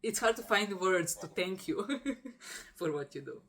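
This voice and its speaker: A young woman from Croatia, hosting a casual video-call interview, warm and effusive with many fillers and laughs. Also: fairly low pitch, expressive, normal speed. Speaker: podcast host.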